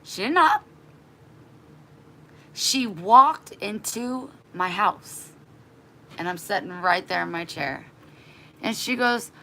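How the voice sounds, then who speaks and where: A woman vlogger telling a story in a casual, animated and exasperated way to her live chat. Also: medium pitch, takes it slowly, long pauses.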